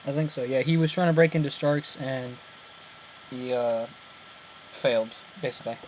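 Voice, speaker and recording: A man's voice: mid-range voice, normal speed, darkish tone, slight background noise, poor audio. A young man in casual chat, breaking down a TV episode, rambling and correcting himself and laughing at his own slips. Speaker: channel host breaking down an episode.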